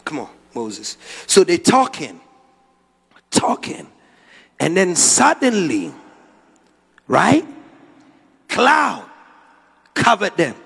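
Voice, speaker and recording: A man preaching a sermon as a prophet, dramatic, swinging from quiet asides to shouted lines. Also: high voice, huge pitch swings, very slow, creaky, pauses often, breathy edge. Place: large church hall. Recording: long hall reverb.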